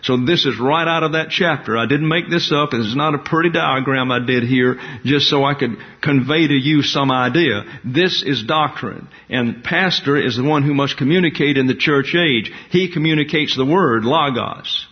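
A pastor delivers an expository Bible sermon at a deliberate pace, unpacking Greek words and dropping in asides. His voice sits at a medium pitch, and the recording is dull and lo-fi.

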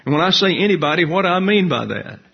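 A man with a husky, slightly breathy voice leads a Bible class, talking through his points and asking the room questions. The recording sounds dull and lo-fi. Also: high voice, animated, quick pace. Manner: conversational, asks the class questions. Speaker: Bible teacher.

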